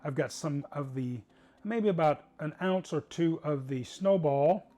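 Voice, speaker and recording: A man's voice: fairly high pitch, measured pace, dark tone. A man hosting a cooking show, chatting in an upbeat way with rambling asides as he cooks. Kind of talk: casual cooking demonstration.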